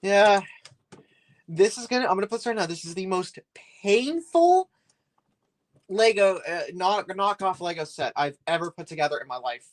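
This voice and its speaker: A man's voice: high voice, fairly quick. A man streaming live while he builds a set, rambling and chatty, complaining with a laugh.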